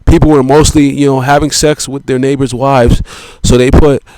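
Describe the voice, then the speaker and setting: A man with a smooth, resonant, mid-pitched voice delivers a rambling monologue, swearing freely, circling back on his points and slowing to stress words. His tone is level and a little mellow, peppered with "you know" and "man." The sound is dry and close, with no room echo.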